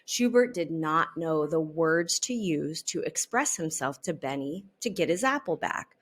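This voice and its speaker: Unhurried female storybook reader, expressive, low-pitched. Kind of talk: children's story read-aloud.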